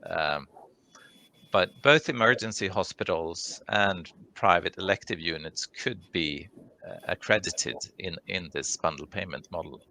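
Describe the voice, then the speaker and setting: A man answering conference questions over a video call, measured and hesitant, with many ums and restarts. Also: sits low, creaky, sharp tone, a little hiss or hum. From Sweden. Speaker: conference speaker, orthopedic clinical leader. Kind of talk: live Q&A answers.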